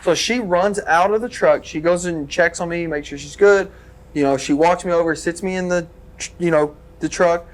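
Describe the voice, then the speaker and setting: A young man from Tennessee, a former wrestler, telling a story as a podcast guest in an animated, lively way with sound effects. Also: a little high, normal speed. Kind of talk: casual storytelling.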